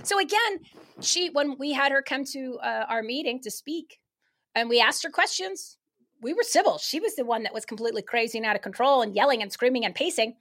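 A woman guest on a talk show speaking in a fired-up, emphatic, rapid way. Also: high voice, animated, a bit bright. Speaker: guest activist. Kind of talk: casual talk-show chat.

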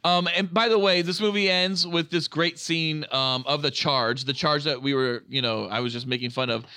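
A man co-hosting a podcast, chatting excitedly about a film with lots of swearing and acted-out quotes. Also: on the high side, moderate pace, clean tone, no room sound. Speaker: podcast co-host. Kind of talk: casual film review chat.

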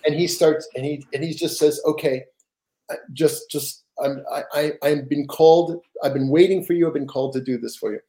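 An older man with a mellow, warm voice tells a long personal story in a relaxed interview. He talks in an animated, rambling way, doubling back on his words as he goes. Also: fairly high pitch, fairly quick. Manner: rambling, animated, frequent restarts and laughs. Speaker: guest author.

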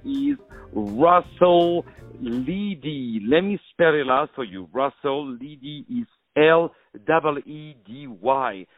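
Male radio host, mid-pitched, exuberant and joking, tinny lo-fi audio. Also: no echo. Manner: exuberant, playful, hype-style announcing. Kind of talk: radio interview hosting.

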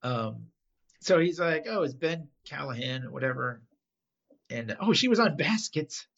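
A man with a gravelly, husky voice, lively and animated. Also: unhurried, dull audio. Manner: animated storyteller, acts out quotes with pitch jumps. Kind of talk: casual podcast chat recapping a TV episode.

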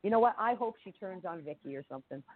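A man co-hosting a podcast in casual chat, excitable and playful, with a stuffy nose that makes him sound nasal. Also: high voice. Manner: excitable, playful, quick to interject. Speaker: podcast co-host. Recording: tinny phone-line sound.

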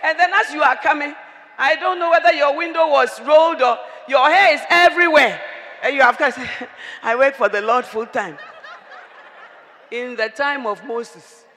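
A woman preacher, giving an animated, humorous sermon and often raising her voice to a shout. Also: high-pitched. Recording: long reverb of a large hall.

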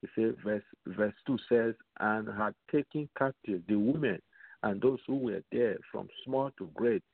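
Radio preacher, male, low gravelly delivery, tinny phone-line audio. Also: no echo. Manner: slow, repetitive, asks the audience rhetorical questions. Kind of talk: radio Bible teaching.

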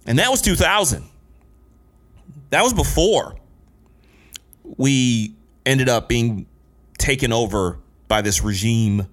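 A man in his late thirties with a fairly low voice tells a personal story as a monologue. He speaks earnestly and with emphasis, stacking repeated phrases to drive each point home. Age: late 30s.

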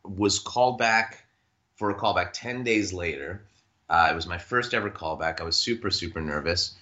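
A man who works as a voice actor, chatting in an interview and thinking out loud with frequent restarts and fillers. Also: low-pitched, highs cut off. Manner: thoughtful, halting with many restarts and fillers. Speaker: voice actor guest. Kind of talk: casual interview chat.

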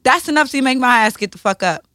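A woman's voice: sits high, animated, fast talker, sharp tone, no echo, studio quality. A woman in her thirties co-hosting a podcast, talking candidly in a blunt, profane, emotional way. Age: 30s. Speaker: podcast co-host.

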